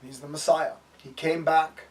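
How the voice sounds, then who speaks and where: A man's voice: on the high side, flat delivery, measured pace, distant mic. A man giving a sermon and telling stories, with frequent fillers and acted-out quotes. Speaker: preacher.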